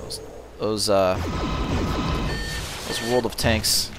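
A man's voice: on the low side, fairly even intonation, drawn-out words. A man giving casual gameplay commentary, muttering, joking and swearing, with game music behind him. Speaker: let's play host.

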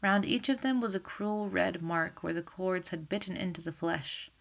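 A woman with a low, gravelly voice reads a chapter aloud in even narration. She then breaks off to explain it in a relaxed, teacherly way. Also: normal speed. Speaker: reader and teacher.

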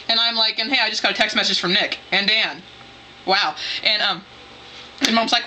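A woman telling a personal story in a casual, rambling, excitable way, full of "like". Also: mid-range voice, brisk, noisy background. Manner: rambling, excitable, heavy use of "like".

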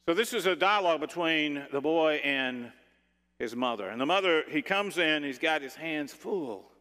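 A man preaching a sermon in a church, dramatic, and dropping to hushed tones for emphasis. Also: a little high, lively intonation, normal speed. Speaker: pastor. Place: church sanctuary. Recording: long church reverb.

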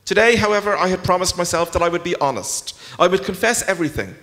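Male author reading aloud; animated, slightly high voice, long hall reverb. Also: quick pace. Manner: expressive, storytelling. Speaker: author reading at a literary festival. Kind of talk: first-person narration read aloud. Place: large concert hall.

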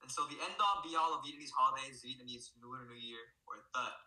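Male student presenter, bright voice, casual and loose, in an echoey room. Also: medium pitch, fast. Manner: relaxed, filler-heavy, often says "right?" and "so yeah". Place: indoor room, virtual showcase recording. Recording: roomy echo.

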